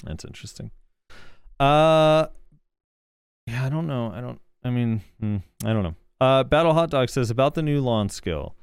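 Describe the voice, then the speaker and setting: A gaming podcast co-host works through viewer comments, reacting in a loose, unsure manner with lots of filler words. His mid-range voice is expressive and clean at a normal speed, captured in a dry, studio-quality recording.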